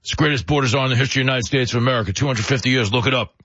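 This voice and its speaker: A man doing a quick impression of a gravelly, boastful older official who makes threats, on a muffled radio broadcast. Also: mid-range voice, fairly bright tone, no echo.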